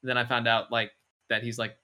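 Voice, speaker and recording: Male podcast co-host, mid-pitched, casual and rambling, heavy on fillers. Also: level tone, brisk, bright, forceful tone. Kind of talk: casual chat.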